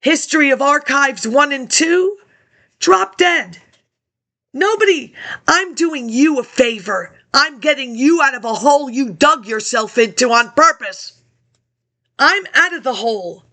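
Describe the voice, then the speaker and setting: A woman's voice: high-pitched, animated, measured pace, sharp tone. A woman talking in a rambling monologue into a laptop webcam, jumping between topics and reading old documents aloud.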